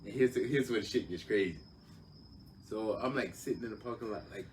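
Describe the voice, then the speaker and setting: A low-voiced man tells a story in loose, profane chat. He is lively and acts out the other people in it. He sits a little back from the mic, with a faint hiss underneath. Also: a little fast, recorded from a distance. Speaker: podcast guest, older brother. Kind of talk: casual storytelling.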